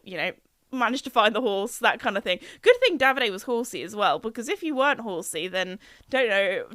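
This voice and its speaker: A woman's voice: fairly high pitch, fairly bright tone, clear, resonant tone, no echo, studio quality. A young woman hosting a podcast, chatting casually and giggling as she reads out listener comments. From England. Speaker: podcast host. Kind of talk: casual chat reading comments.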